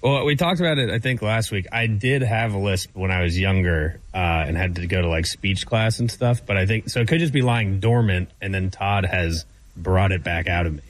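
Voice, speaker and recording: Male crew member, low voice, dry close sound, understated. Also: normal speed, dry recording. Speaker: radio show crew member. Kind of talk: casual talk radio chat.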